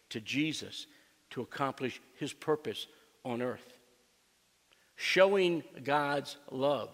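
A man's voice: medium pitch, big-room sound. A man preaching a sermon as a pastor, mixing a joking personal story with emphatic, repeated lines for his church. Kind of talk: sermon with humorous anecdote. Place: church sanctuary.

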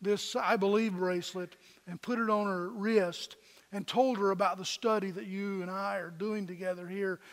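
A man with a high voice preaches a relaxed, conversational sermon, turning often to his congregation with questions. His talk has a folksy, plainspoken manner. The sound rings with the long reverb of a church sanctuary. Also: normal speed. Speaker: pastor.

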